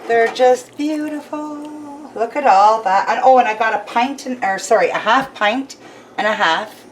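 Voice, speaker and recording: A woman's voice: a little high, moderate pace, poor audio. Woman, homestead vlogger, casual kitchen chat, faint household hum behind. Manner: chatty, laughs often, talks to viewers. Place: home kitchen.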